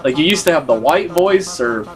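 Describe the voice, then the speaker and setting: A man's voice: on the high side, lively intonation, moderate pace. A man giving casual let's-play commentary, rambling and filling his talk with "like". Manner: rambling, full of "like" fillers. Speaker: gaming video host.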